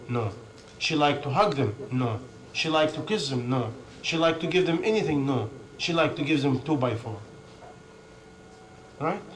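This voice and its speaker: A man's voice: fairly high pitch, fairly bright tone, slight background noise, low-quality recording. A man preaching a sermon in non-native English, driving his points home with stacked lists and rhetorical questions.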